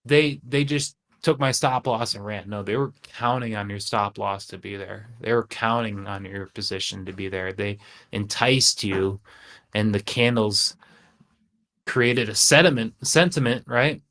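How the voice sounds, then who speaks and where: Man hosting a trading livestream, animated. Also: on the low side, a little slow. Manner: animated, rhetorical questions, frequent "right?". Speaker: trading channel host. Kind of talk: casual livestream talk.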